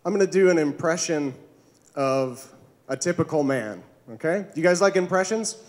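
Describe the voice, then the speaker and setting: A man's voice: fairly high pitch, expressive, normal speed. A man doing a stand-up comedy set on a club stage, with awkward, self-deprecating jokes that he chuckles at himself.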